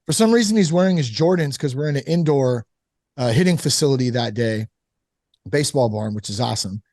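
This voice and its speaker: A man casually telling a candid personal story about fatherhood and recovery, animated, full of "like" and "you know". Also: mid-range voice, fairly quick, no echo, clean studio sound. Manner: candid, animated, acts out quoted voices; frequent fillers like "like" and "you know". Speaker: sober father on a recovery podcast.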